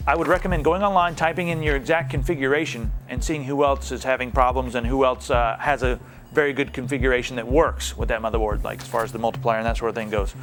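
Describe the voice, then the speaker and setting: A man's voice: medium pitch, steady tone, quick pace, fairly bright tone, soft background music. A young man hosting a casual tech question show, answering viewer emails with playful jokes and asides.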